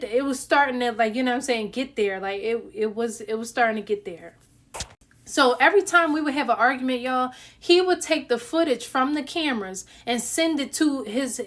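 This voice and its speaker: Young woman, casual storytime delivery, talks straight to camera, higher voice. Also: a bit bright. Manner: chatty, talks straight to the viewers with lots of fillers.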